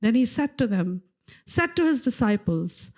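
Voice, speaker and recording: A woman preaching a sermon at a church service, telling a story with lively acted-out quotes. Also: a little high, moderate pace. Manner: animated storyteller, acts out quoted voices.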